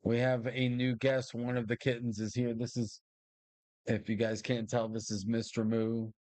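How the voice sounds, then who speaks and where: A man from Puerto Rico streaming a game, chatting casually with many filler pauses and talking fondly to his kitten. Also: mid-range voice, no echo. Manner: chatty and relaxed, often pausing with fillers, fond baby talk to his kitten. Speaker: gaming streamer. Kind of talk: casual live-stream commentary.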